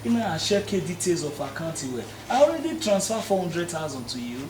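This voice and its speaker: A man's voice: a little high, sing-song, brisk, echoey room, distant mic, crowd noise, low-quality recording. An actor with a Nigerian Pidgin accent playing a lovestruck male neighbor who rambles and pleads desperately. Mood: pleading. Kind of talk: comedy film acting. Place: outdoor residential compound.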